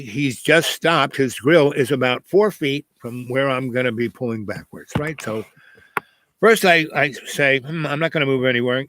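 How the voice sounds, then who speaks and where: A man's voice: medium pitch, a bit bright, dry recording, rough recording. A man telling a personal anecdote in a casual, rambling way, full of fillers and asides. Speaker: host telling a personal story.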